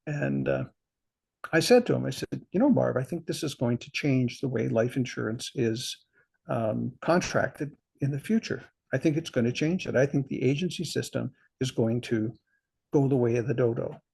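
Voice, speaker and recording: A man's voice: medium pitch, moderate pace, gravelly, darkish tone, slightly rough. An older man telling stories from his career as a guest in a conversational interview, reflective and chuckling at himself. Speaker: interview guest, insurance veteran.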